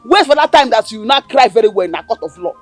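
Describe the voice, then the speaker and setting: A woman's voice: a little high, lively intonation, fast, faint music behind. A woman with a Nigerian accent playing a scornful, mocking older sister in a Nollywood film. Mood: taunting. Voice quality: loud, mocking, taunting. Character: scornful bossy young woman bully.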